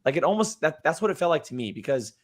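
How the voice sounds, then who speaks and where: A man co-hosting a casual podcast, a bit hoarse, rambling and often tacking on "right?". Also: fairly high pitch, very animated, quick pace. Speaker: podcast co-host.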